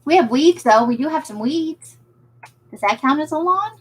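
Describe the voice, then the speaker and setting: A woman with a somewhat higher-pitched voice chats through a casual livestream about her craft shop. She answers viewer comments in a loose, self-deprecating way. She laughs easily. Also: expressive, moderate pace, poor audio.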